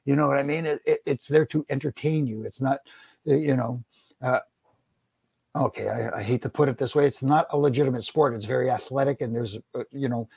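A man telling animated stories in a casual podcast chat about wrestling. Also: mid-range voice, brisk, vocal fry, slightly rough, no echo, studio quality. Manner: storytelling, animated anecdotes with acted quotes.

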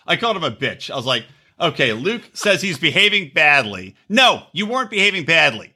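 A man hosting a podcast, ranting profanely and mocking reality TV stars with quick impressions. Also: fairly high pitch, sing-song, sharp tone, slightly rough. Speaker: podcast host. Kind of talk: profane comedic rant.

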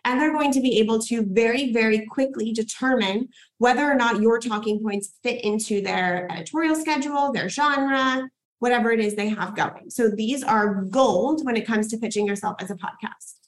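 A woman's voice: on the high side, moderate pace, rough recording. A young woman hosting a workshop as a podcast coach, enthusiastic and hyped, swearing casually as she cheers people on.

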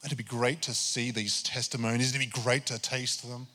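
A man's voice: mid-range voice, normal speed. Man preaching a story in an echoing church. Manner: animated storytelling, acting out his own prayers. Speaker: pastor. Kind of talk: sermon testimony.

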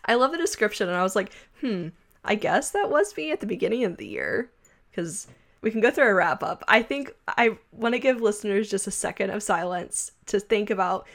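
A woman co-hosting a podcast, her voice gravelly and full of lively ups and downs. She talks in a relaxed way and steers the chat with short replies and questions. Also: medium pitch. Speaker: podcast co-host. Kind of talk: casual chat.

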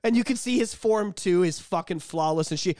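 A man co-hosting a casual podcast, excitable, swearing freely and acting out quotes with big swings in his voice. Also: sits high, brisk, no echo, studio quality. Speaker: podcast co-host.

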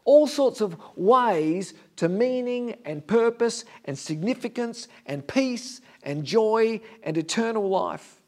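A male pastor preaching an earnest sermon, dropping to a hush on key lines. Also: high-pitched, animated, slow, few pauses. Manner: standing before a congregation.

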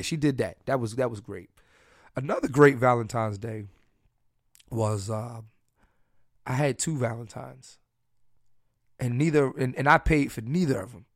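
A man's voice: mid-range voice, moderate pace, pauses often, dry recording, studio quality. A man hosting a podcast, telling candid, crude and joking personal stories in a casual solo chat. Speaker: podcast host.

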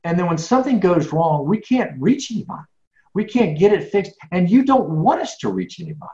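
A man's voice: sits high, very animated, brisk, mellow. Emphatic middle-aged man, echoey lo-fi line. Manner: emphatic, many restarts and repeats. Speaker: guest speaker. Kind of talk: conversational interview. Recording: echoey, dull lo-fi sound.

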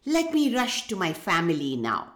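A woman's voice: on the low side, wildly swooping pitch, moderate pace, a bit bright. Woman doing a polite friendly turtle girl. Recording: echoey room.

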